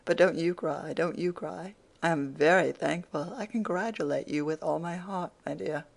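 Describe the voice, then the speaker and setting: An audiobook reader playing a gentle, meek little father who answers mildly and soothingly. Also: mid-range voice, normal speed, creaky. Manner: mild, soothing and agreeable.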